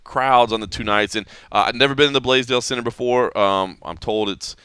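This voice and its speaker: A man hosting a sports podcast, telling stories in a casual, animated way with frequent restarts. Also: medium pitch, fairly quick, smooth, no room sound. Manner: animated storytelling with many restarts. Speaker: podcast host.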